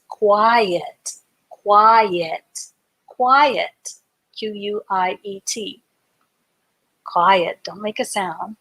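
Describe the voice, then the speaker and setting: A woman with a mid-range, slightly bright voice talks extremely slowly and pauses often as she runs a live online literacy lesson for adults. She patiently spells each word letter by letter and provides example sentences.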